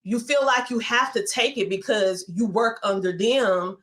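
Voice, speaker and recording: A middle-aged woman with a heavy Southern accent, a podcast guest telling her story in a candid, animated conversational way. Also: on the high side, measured pace. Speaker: podcast guest, media entrepreneur.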